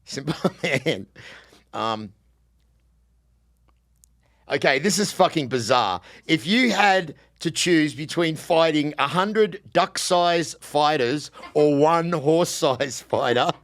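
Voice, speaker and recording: A man's voice: fairly high pitch, slow, fairly bright tone. A man hosting a casual podcast interview, joking and swearing, laughing often. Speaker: podcast host.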